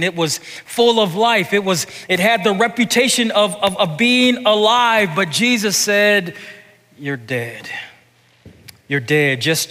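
A male pastor preaching a sermon. He repeats and restarts words and swings from hushed to loud. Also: sits high. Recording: echoey hall reverb.

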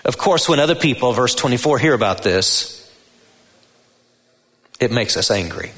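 A male pastor preaching a sermon in a church sanctuary, deliberate and emphatic, lifting his voice on key words. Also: mid-range voice, animated, fairly bright tone. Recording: long reverb of a large hall.

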